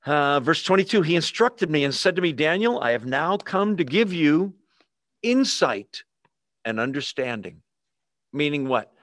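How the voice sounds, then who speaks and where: Conversational preacher, fairly high voice. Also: male voice, big pitch swings, a little slow, a bit bright, no room sound, clean studio sound. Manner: conversational, asks the congregation questions. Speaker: pastor. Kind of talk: sermon. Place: church with a live and online congregation.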